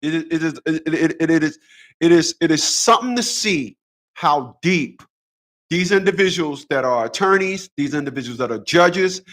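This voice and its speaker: A man with a fairly high, slightly bright voice hosts his own channel in a casual monologue about boxing. He's combative, blunt and profane, hammering home his points by repeating phrases again and again.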